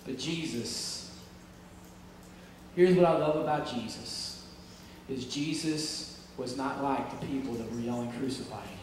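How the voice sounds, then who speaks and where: A man preaching a sermon to his church, emphatic and full of rhetorical questions, swinging between loud peaks and hushed stretches. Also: medium pitch, moderate pace. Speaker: pastor. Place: church sanctuary. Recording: echoey hall from far off, faint noise.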